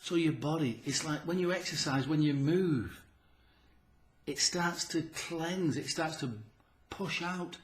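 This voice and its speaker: A man's voice: mid-range voice, echoey room. A man giving an earnest, repetitive health talk to the viewer, often stammering on restarts and acting out what people say to themselves. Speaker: herbalist presenter. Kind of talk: direct-to-camera health talk.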